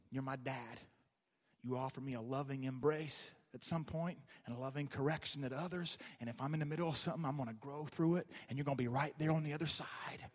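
A pastor preaching a sermon in a church, with a passionate, repetitive preaching cadence. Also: male voice, on the high side. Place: church sanctuary. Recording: long reverb of a large hall.

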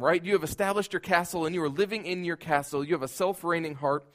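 A man preaching a sermon in an earnest voice, building at times into loud, emphatic outbursts. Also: fairly high pitch, fast, hardly any pauses.

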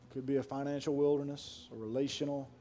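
A male pastor preaching a sermon and then praying at a church service, swinging between near-whispers and loud shouted questions. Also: medium pitch, flat delivery, fast talker, a little hiss or hum.

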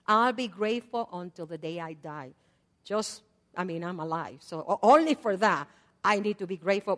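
An older woman preaching a sermon in a conversational way. She swings between loud repeated prayers and soft asides. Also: fairly low pitch. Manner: conversational, with fillers and laughs. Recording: long hall reverb.

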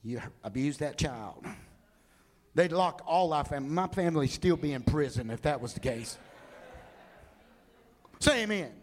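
A man preaching a humorous sermon, telling animated stories and acting out the people in them. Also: on the high side, moderate pace, pauses often. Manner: animated storytelling, acts out people.

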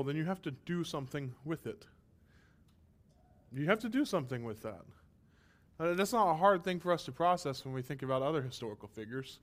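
A pastor preaches a sermon from the pulpit in a voice that sits somewhat high for a man. He speaks with passion and emphasis and fires off rhetorical questions, his throat sounding a little strained.

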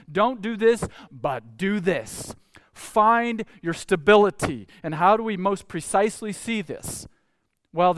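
A male pastor preaching a sermon, swinging between loud calls and hushed low passages. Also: smooth, no echo, studio quality.

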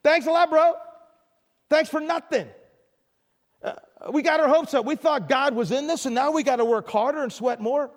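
A man's voice: very high voice, moderate pace, big-room sound, pitched above the performer's own voice. A man voicing a crowd of grumbling workers complaining sarcastically. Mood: sarcastic. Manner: sarcastic whining.

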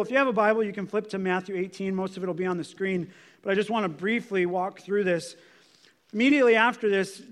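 A man preaching a sermon in a conversational, explanatory way, with asides and restarts as he walks through scripture. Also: sits high. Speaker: pastor.

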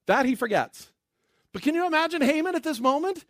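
A preacher with a bright, high-pitched voice and lively, swooping intonation gives an animated sermon retelling a Bible story. He's playful, acting out the characters in quick asides and slipping in jokes. The recording is dry, with no room echo.

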